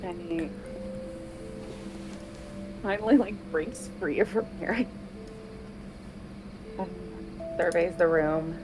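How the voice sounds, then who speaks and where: A woman's voice: on the low side, extremely slow, pauses often, noisy background. A woman playing in a tabletop game, talking casually and giggling. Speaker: player. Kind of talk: tabletop role-play.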